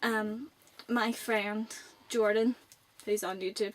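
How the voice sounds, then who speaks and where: A woman's voice: fairly high pitch, flat delivery, moderate pace, a little hiss or hum. Chatty Northern Irish teenage girl. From Northern Ireland. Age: late teens. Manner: rambling and chatty. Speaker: vlogger. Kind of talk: casual chat to camera.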